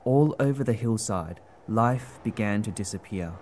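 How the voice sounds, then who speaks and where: A man narrating a storybook tale in a gentle, expressive way. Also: on the low side, normal speed, a little hiss or hum.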